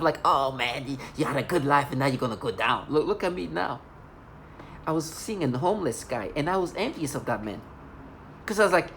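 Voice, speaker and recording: A woman video blogger vents to the camera in an agitated, accusatory monologue, rambling and restarting as she goes. Her voice sits on the low side, with slight background noise.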